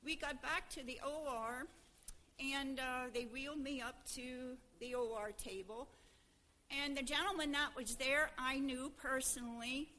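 During a church service, an older church member with a Pennsylvania Dutch accent offers her congregation a homely personal story as testimony. She speaks at a measured pace in a high, bright, forceful voice with fairly even intonation. A little hiss or hum is audible.

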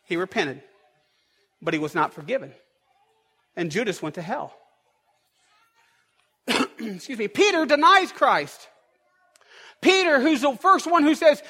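In a spacious church sanctuary with a long echo, a high-voiced pastor gives an animated sermon, his pitch climbing and dropping as his argument builds. He speaks a little slowly with long pauses and a sharp tone, leaning on an emphatic, repetitive preaching rhythm.

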